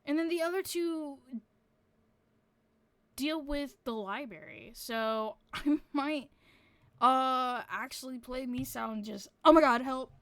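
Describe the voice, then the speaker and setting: Woman, streamer, casual rambling chat, fillers, swears, slightly high voice, dry close sound. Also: slow, long pauses, a bit bright, no room sound.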